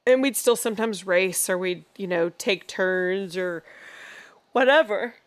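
A middle-aged woman co-hosting a podcast, telling a family story in an animated, chatty way and slipping into voices when she quotes people. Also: lowish voice, measured pace, clear, resonant tone. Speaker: podcast co-host. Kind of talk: casual chat.

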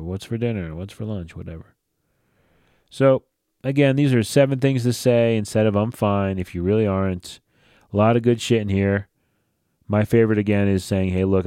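A man talks through a casual solo podcast in a low, mellow voice that sounds a little tired. He speaks bluntly and swears freely in a loose, conversational way. The sound is dry and close. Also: no echo. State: tired, yawning. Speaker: podcast host.

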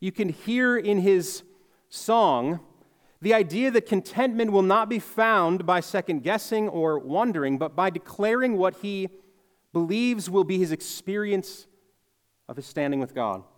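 A man's voice: sits high, animated, a little slow, long reverb tail. A man preaching a sermon in an earnest, reflective way, leaning hard on key words. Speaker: pastor.

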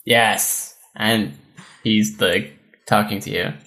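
A man's voice: lowish voice, fairly even intonation, slow pace, bright, forceful tone. A man co-hosting a podcast who chats casually about games in a laid-back, teasing way and laughs easily. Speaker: podcast co-host.

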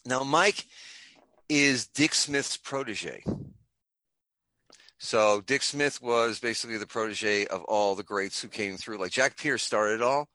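A man's voice: medium pitch, takes it slowly, pushed and bright, no room sound. A middle-aged man, a guest on a podcast, telling jokey stories and drifting off on tangents. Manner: jokey, goes off on tangents, puts on voices in anecdotes. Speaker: podcast guest, comic creator. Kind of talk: rambling comic storytelling. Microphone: remote call, camera off.

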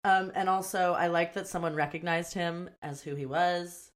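A woman's voice: fairly low pitch, fairly even intonation. A woman co-hosting a podcast, chatting casually about a movie, rambling and laughing as she acts out lines. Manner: chatty, rambling, quick to laugh and act out quotes. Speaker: podcast co-host. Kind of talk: casual movie review chat.

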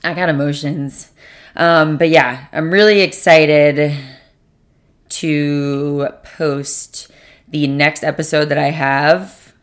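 Low-voiced young woman chatting casually. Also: steady tone, takes it slowly. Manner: rambling, swears often, self-correcting. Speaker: podcast host. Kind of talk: casual solo podcast chat. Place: sitting at a table at home.

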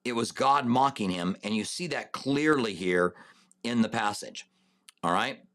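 A man teaches a Bible study and fields viewer questions without hurrying, stumbling into fillers and restarts. His voice is medium-pitched and a bit bright, growing raised and emphatic when he reads scripture aloud.

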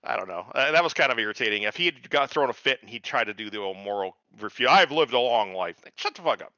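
Guy swearing a lot, really animated, bright voice, dry lo-fi mic. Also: mid-range voice, fast talker, no echo. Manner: profane, animated, ranting. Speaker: podcast co-host. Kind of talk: casual TV recap chat.

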